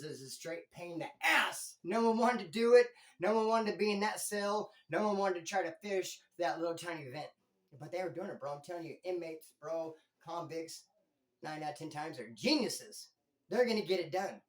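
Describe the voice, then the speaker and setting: Slangy man telling a prison story. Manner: slangy, animated, swings between loud emphasis and low asides. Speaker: former inmate storyteller. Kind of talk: casual storytelling. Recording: roomy echo.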